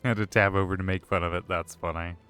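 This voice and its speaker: A man's voice: sits low, steady tone, fast talker, a bit bright, smooth, soft background music. A man giving casual, joking live-stream commentary while playing a game, rambling with restarts, drinking as he talks. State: drinking alcohol.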